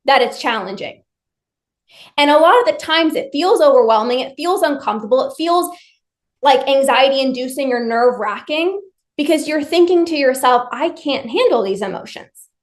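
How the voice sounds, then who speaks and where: A woman's voice: high voice, lively intonation, normal speed. A woman leading a live online workshop, speaking to her viewers directly with emphatic, repetitive phrasing.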